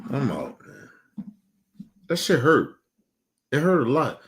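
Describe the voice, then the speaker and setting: Man on an aggrieved, animated rant. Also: mid-range voice, slow. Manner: aggrieved, profane, repeats himself, asks heated questions. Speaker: streamer. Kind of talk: emotional livestream rant.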